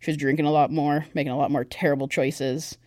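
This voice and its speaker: A young female podcast guest gives a candid, conversational personal testimony packed with fillers. She's a fast talker with a low, darkish voice and a level tone, and there's no room sound.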